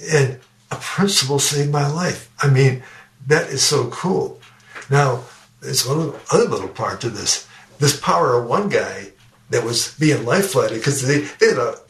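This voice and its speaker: A man's voice: mid-range voice, a bit bright, slight background noise. An older man, a guest educator and speaker, earnestly telling a personal story in a podcast interview and often repeating his words. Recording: roomy sound, distant from the mic.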